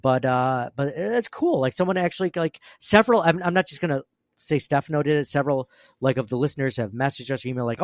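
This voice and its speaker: A man's voice: mid-range voice, fast talker, dry recording, studio quality. A man co-hosting a podcast, rambling and self-deprecating in casual chat, laughing often. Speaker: podcast co-host.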